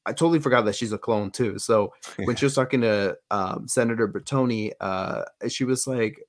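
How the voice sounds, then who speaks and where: Animated man in casual chat. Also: medium pitch, fairly quick. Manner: animated, acts out quotes with voices. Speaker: podcast co-host.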